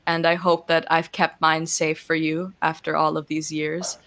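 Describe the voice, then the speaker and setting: A woman in her twenties, a guest reading a heartfelt letter in an earnest, soft-spoken way over a video call. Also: low voice, flat delivery, normal speed, a little hiss or hum. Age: 20s. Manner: earnest, soft-spoken, with laughs and gushing emotion. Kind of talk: reading a heartfelt letter, then casual chat.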